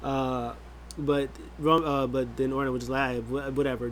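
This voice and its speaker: A man's voice: mid-range voice, steady tone, a little slow, a bit bright, a little hiss or hum. A man giving a casual, rambling recap of a wrestling show. He fills it with many fillers and acts out what people said.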